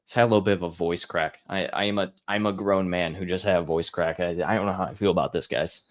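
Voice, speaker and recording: A man's voice: deep voice, steady tone, brisk. A young man hosting a live question-and-answer stream, talking offhand with lots of fillers and restarts. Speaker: host answering viewer questions. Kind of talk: casual live Q&A.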